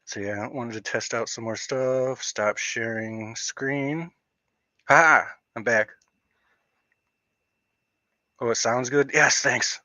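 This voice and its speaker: A man's voice: mid-range voice, fairly even intonation, slow pace, pauses often, pushed and bright, dry recording, muffled recording. A man with a slight stutter hosting a casual livestream rant, rambling through thoughts with lots of fillers and restarts. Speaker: livestream host.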